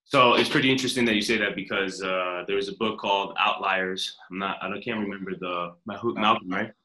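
A man's voice: low voice, fairly even intonation, brisk, sharp tone, echoey room, rough recording. A man hosting a podcast, asking earnest, curious questions in a casual interview. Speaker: podcast host.

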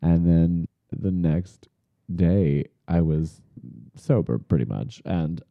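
A man from Long Island telling animated stories in a casual chat, peppering them with "like.". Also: low voice, takes it slowly, vocal fry, dry recording, phone-quality sound. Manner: animated storyteller, lots of "like".

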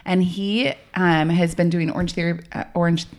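A woman co-hosting a podcast, chatty and quick to laugh. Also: lowish voice, fairly even intonation, a crowd in the background. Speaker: podcast co-host. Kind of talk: casual chat.

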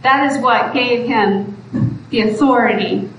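A woman's voice: on the high side, a little slow, fairly bright tone. A woman preacher giving a sermon in an earnest, pleading way that rises to exhortation. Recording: echoey room from far off, faint background noise.

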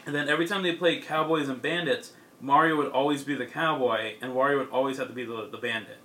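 A man's voice: medium pitch, fairly even intonation, fast, sharp tone, a little hiss or hum. A young man in a casual chat, rambling through a comic's plot with lots of fillers and laughs. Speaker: podcast co-host.

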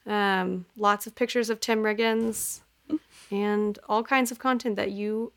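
A woman co-hosting a chat podcast, laid-back and quick to laugh. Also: medium pitch, fairly even intonation, a bit bright. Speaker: podcast co-host. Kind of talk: casual chat.

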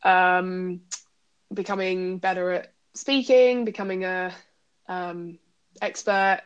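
A woman co-hosting a casual chat, thinking aloud with pauses and restarts as she tells a story. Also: lowish voice, fairly even intonation, clear, resonant tone, muffled recording. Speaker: podcast co-host; coach.

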